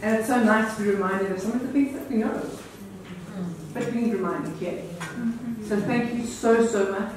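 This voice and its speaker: Female event host, gushing and halting, picked up from a distance in an echoey, noisy hall. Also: medium pitch. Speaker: event moderator. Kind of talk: hosting a live event.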